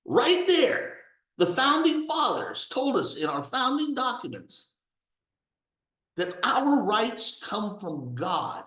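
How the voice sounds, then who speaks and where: A man rants with a raised, lively voice that swings up and down as he hammers his points. He talks angrily and swears freely. The sound bounces around an echoey room. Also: sits high, a little slow. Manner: angry, profane, emphatic. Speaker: political commentator. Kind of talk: ranting political commentary.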